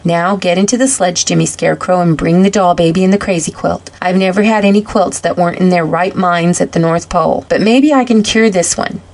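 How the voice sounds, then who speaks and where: A jolly old Santa Claus, kindly and brisk, giving orders in a hearty storybook voice, as a woman reads him. His lines climb high and bright when he calls out, with a cheerful bustle.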